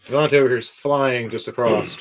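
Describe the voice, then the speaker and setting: A man running a tabletop game as game master, telling the story in a rambling, excitable and profane way. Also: medium pitch, fairly quick, low-quality recording.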